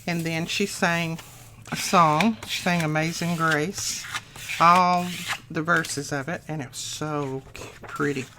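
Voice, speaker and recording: An older woman with a low, settled voice talks her way through a crafting project at home, rambling and folksy. She thinks aloud as she works. A faint hiss sits under her voice. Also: steady tone, slow. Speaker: crafting channel host. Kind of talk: casual crafting tutorial chat.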